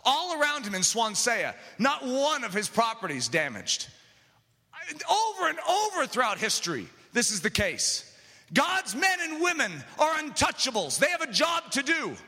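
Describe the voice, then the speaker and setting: A man's voice: very high-pitched, sing-song, moderate pace, slightly rough. Impassioned man preaching in a hall. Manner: impassioned, rising to shouts. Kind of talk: sermon. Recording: long hall reverb.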